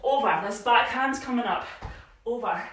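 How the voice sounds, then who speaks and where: A woman fitness instructor guides a live home workout with a slightly high, encouraging voice. She is chatty and a little out of breath from moving along with the class. Her voice reaches the camera from across a bare room, with a strong echo around it. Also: moderate pace, fairly bright tone. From Scotland. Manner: encouraging, chatty, cues movements with frequent "yeah?". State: slightly out of breath while exercising. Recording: very echoey room, voice from a distance.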